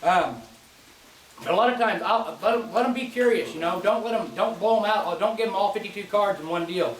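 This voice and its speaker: A relaxed, folksy man with a high voice walks through goose-calling technique, often starting his phrases over. He sounds set back from the mic in an echoey space. Faint clicks sit behind him. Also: brisk, distant mic, a little hiss or hum. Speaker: goose call instructor. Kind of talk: casual spoken demonstration.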